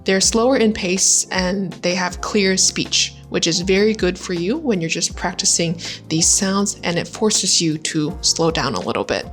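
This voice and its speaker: A young adult woman hosting a casual teaching vlog, bright and positive, demonstrating sounds slowly. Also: fairly low pitch, soft background music. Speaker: language-learning YouTuber.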